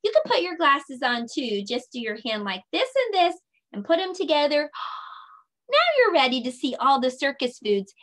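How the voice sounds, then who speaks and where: A woman leading a children's circle time lesson, speaking in a slow, sing-song, encouraging way and stretching her words out. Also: high-pitched, very animated, fairly bright tone. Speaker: preschool teacher.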